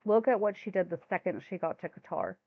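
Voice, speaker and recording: A woman's voice: fairly low pitch, expressive, a little fast, dry recording. Brief: incredulous female commentator, tinny narrow audio, dry and close. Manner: exasperated, incredulous, stammers when flustered. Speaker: commentary channel host. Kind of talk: reaction commentary. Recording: thin phone-like dry sound.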